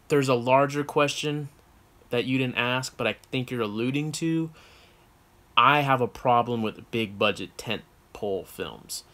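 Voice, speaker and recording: A man's voice: mid-range voice, a bit bright. Rambling American man answering viewer questions. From United States. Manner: rambling, frank, with many fillers and self-corrections. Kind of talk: casual chat.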